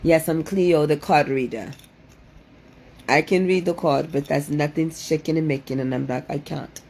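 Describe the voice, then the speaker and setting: A woman's voice: deep voice, moderate pace, a little mellow. A woman hosting a playful livestream, exclaiming dramatically and repeating her phrases in a sing-song way. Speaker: livestream host doing card readings.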